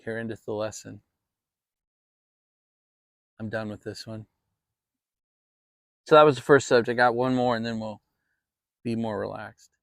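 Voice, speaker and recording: A man's voice: lowish voice, steady tone, measured pace, vocal fry, pauses often, a bit bright, no room sound, studio quality. A man hosting a casual fireside chat vlog, talking in a rambling, reflective way with many restarts. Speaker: channel host.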